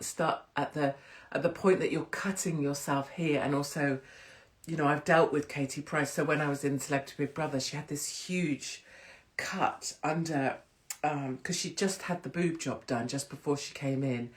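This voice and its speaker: A middle-aged woman chatting candidly to camera, blunt and rambling, swearing freely. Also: low-pitched. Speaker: vlogger.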